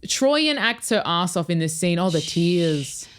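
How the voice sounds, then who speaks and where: A woman co-hosting a podcast, recapping a TV episode in loose, joking chat and breaking into sudden high squeals. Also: very animated, measured pace. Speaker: podcast co-host.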